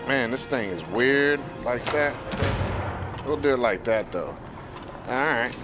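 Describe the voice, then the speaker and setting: A man's voice: medium pitch, animated, slow. A man streaming a video game, rambling and joking in casual commentary and talking back to the characters on screen. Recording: game music playing under the voice.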